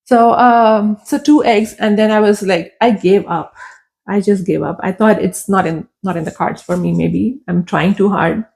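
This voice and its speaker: Gravelly, husky-voiced woman guest. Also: medium pitch, moderate pace, a little mellow. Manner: candid and emotional, repeats phrases for emphasis. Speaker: podcast guest. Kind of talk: personal storytelling in conversation.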